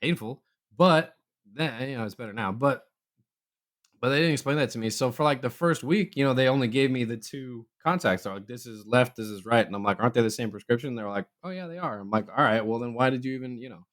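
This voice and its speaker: A little fast, a young podcast co-host chats through a story in a relaxed voice. For each person he quotes, he animatedly jumps up in pitch to act them out, then comes back down to his normal sound.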